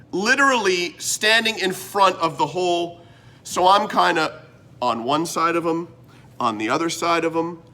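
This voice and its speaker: Canadian guy hosting his own show, fairly high voice, rants a lot, gets heated fast. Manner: ranting, animated, exasperated asides. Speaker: host. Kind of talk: comedic vlog monologue.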